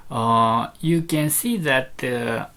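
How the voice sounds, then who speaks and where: Slow and creaky, this mid-range male voice has a sharp edge to it. A loudspeaker builder shows off a driver in a relaxed technical demonstration, hesitating often, restarting and filling pauses as he walks through each step.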